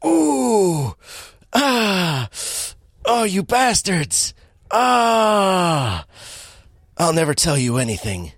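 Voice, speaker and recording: A man's voice: medium pitch, big pitch swings, fast, hardly any pauses, no room sound, clean studio sound. A man voicing a melodramatic male henchman under torture, with overdone yelps and groans. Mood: hammy pain.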